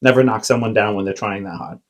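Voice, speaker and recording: A man's voice: lowish voice, fast talker, low-quality recording. Man, podcast co-host, casual storytelling, rambling, filler-heavy.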